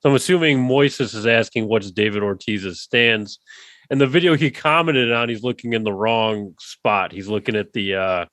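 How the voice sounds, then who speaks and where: A man's voice: lowish voice, expressive, normal speed, fairly bright tone, no room sound. A man co-hosting a sports podcast in casual chat, joking and laughing easily. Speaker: podcast co-host.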